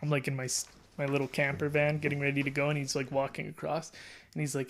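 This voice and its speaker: A man's voice: a little high, monotone, fast talker, a bit bright, a little hiss or hum. A man casually telling a long story as a podcast guest, rambling with lots of "like" and restarts and laughing as he goes.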